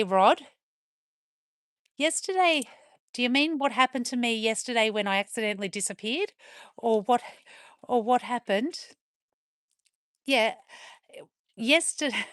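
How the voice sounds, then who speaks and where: A woman's voice: mid-range voice, no echo. Aussie woman streaming from the farm, chatty, keeps calling her dogs, dry close sound. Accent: Australian. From Australia. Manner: chatty, talks to her dogs and viewers in turn. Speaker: livestreamer on a farm. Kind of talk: casual live-stream chat.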